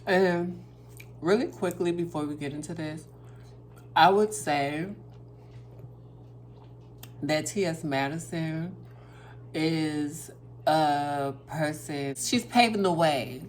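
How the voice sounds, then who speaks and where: A woman's voice: low voice, takes it slowly, long pauses, a little hiss or hum. A woman vlogging at her dinner table, chatting casually and talking straight to her viewers. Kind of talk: casual chat to camera over dinner.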